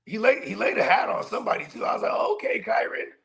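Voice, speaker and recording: A man's voice: sits high, lively intonation, rapid-fire, creaky, fairly bright tone. A man co-hosting a casual fantasy football chat, rambling and profane, tagging lines with "you know what I mean". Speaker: co-host.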